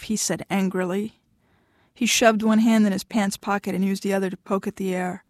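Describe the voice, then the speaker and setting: In a steady, measured storytelling tone, a female audiobook narrator reads from a novel in a medium-pitched voice. The scripted narration has studio quality with no room sound.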